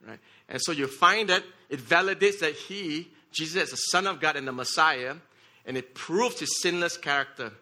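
Guy preaching, very bright sharp tone, bit high, keeps going "right? okay?". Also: normal speed. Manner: repeats words, checks in with "okay?" and "right?"; leads the congregation in shouting together. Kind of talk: sermon.

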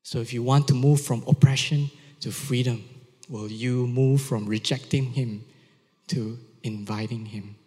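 A man's voice: mid-range voice, steady tone, measured pace, dark tone, husky. A male pastor preaching a sermon, emphatic, repeating key phrases and asking his listeners questions. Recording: long reverb of a large hall.

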